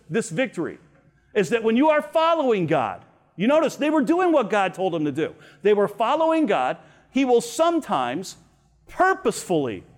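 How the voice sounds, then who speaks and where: A middle-aged man teaching a Bible lesson to teenagers at a camp, telling personal stories and acting out the voices he quotes. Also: sits high. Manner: storytelling, acts out quoted voices. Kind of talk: animated youth Bible lesson.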